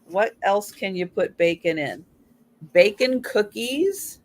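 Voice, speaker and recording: A woman's voice: mid-range voice, animated, slow. A woman hosting a casual live-stream chat, reading items aloud with chatty asides. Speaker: host.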